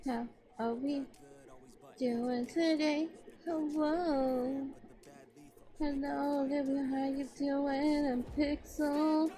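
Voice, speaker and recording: A woman's voice: high-pitched, steady tone, drawn-out words, pauses often, mellow. A woman streamer in a casual live chat, playful and teasing, greeting viewers by name and making silly noises. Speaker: VTuber streamer.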